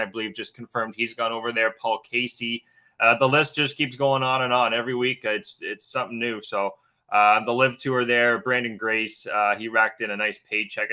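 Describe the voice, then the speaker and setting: Host of a live golf picks stream, loose and chatty; bright, forward voice. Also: male voice, medium pitch. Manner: casual, chatty, lots of fillers, greets chat viewers. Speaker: sports betting podcast host.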